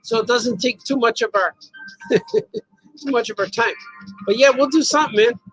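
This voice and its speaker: A man with an extremely high, fairly bright, husky voice speaks at normal speed while hosting a casual livestream chat show. The cartoonist reads viewer comments and rambles through playful stories, giggling between words and repeating words for effect. Faint music plays behind a rough recording.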